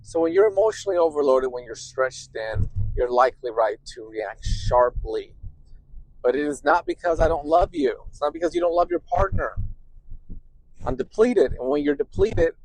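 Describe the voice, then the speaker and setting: Middle-aged male therapist-host, animated and conversational, slightly high voice, dry close-miked sound. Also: normal speed, no echo, low-quality recording. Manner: animated, repeats "right?" often, acts out quoted voices. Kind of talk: conversational explanation to listeners.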